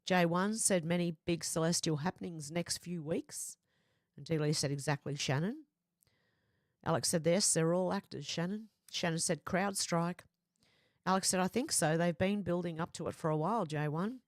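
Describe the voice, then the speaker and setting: An Australian woman hosts a casual livestream, reading viewer comments aloud and chatting back. Her voice sits a little low, and the sound is dry and close with no room around it. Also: normal speed, no echo. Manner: chatty, reads comments aloud in a lively quoting voice. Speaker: livestream host.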